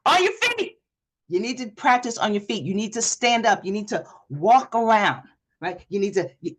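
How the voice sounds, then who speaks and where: A woman coach giving an energetic live online workshop, asking the audience questions and acting out quoted speech with a lifted voice. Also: mid-range voice. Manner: energetic, talks straight to the audience with repeated questions. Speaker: presentation coach. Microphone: video call.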